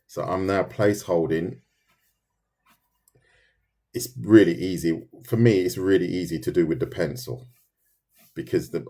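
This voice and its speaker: Deep-voiced London man chatting while drawing. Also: a little mellow. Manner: chatty, loose and thinking aloud, reads viewer comments, many restarts. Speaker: artist streaming live. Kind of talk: casual live-stream chat while drawing.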